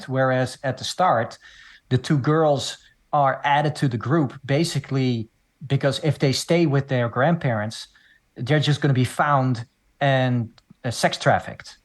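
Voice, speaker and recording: A man hosting a casual film podcast, explaining the plot in long, steady runs. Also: mid-range voice, moderate pace. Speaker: podcast host.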